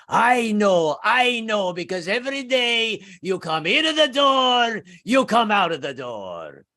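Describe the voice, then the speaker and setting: A man's voice: big pitch swings, slow, heavily acted. A man voicing an old Italian landlord who screams everything in broken English. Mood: angry. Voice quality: shouting, high-pitched.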